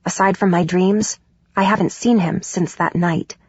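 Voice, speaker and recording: A woman narrating a first-person audiobook in a steady, even way. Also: lowish voice, moderate pace, slightly rough, dry recording. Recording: dull, dry studio recording.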